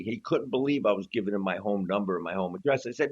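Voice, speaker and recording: Animated storytelling man, muffled line. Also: fairly low pitch, fast, few pauses. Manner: animated storyteller acting out quotes. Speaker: guest drummer. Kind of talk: storytelling interview. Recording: slightly dull lo-fi audio.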